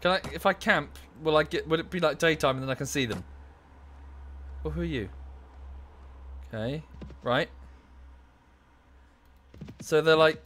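A man's voice: a little high, unhurried, long pauses, a little hiss or hum. A young man commenting on his gameplay, easily exasperated and swearing often. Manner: exasperated, swears a lot, shouts at the game. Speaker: gameplay streamer.

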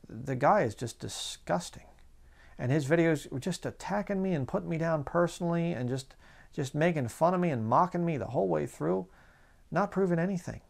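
A man preaching a sermon in a conversational way, slowing down to read scripture aloud. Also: on the high side, gravelly, darkish tone.

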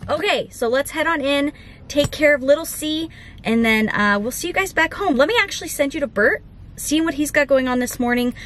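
A woman's voice: sits high, a bit bright, slight background noise. A woman chatting casually to camera for a family vlog, soothing a nervous puppy, with music underneath. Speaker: family vlogger. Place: vet clinic and outdoors in snow.

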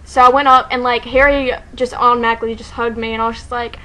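A woman telling a story to the camera in a casual vlog, excited and rambling, saying "like" constantly and laughing often. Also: on the high side, fast talker, rough recording. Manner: excited, rambling, heavy use of "like", frequent laughter.

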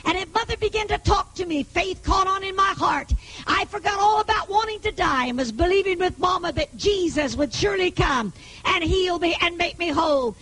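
A woman evangelist with a very high, bright, cutting voice tells her healing testimony to an audience. Her preaching is emphatic and often swells into shouting. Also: normal speed, faint music behind, poor audio.

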